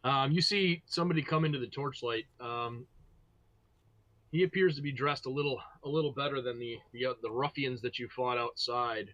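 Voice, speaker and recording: A man's voice: medium pitch, moderate pace, fairly bright tone, no room sound, highs cut off. A man narrating as game master of a tabletop game, casual and hesitant with fillers.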